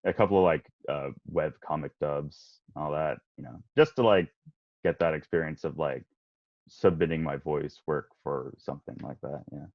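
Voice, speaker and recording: A young man with a notably deep, low voice speaks hesitantly in a casual interview, trailing off into fillers. The recording is dry and somewhat muffled. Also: normal speed, no echo. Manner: soft-spoken, hesitant with many fillers and laughs. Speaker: guest, aspiring voice actor. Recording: muffled, lo-fi audio.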